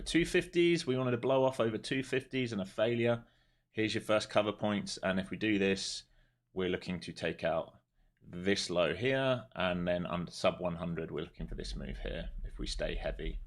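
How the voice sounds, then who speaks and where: Guy with a deep low voice doing live trading commentary at his desk, rattles along fast, gets hyped and swears when a trade hits. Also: vocal fry. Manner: rapid running commentary with excited, swearing outbursts. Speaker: day trader streaming live. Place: home trading desk with several monitors.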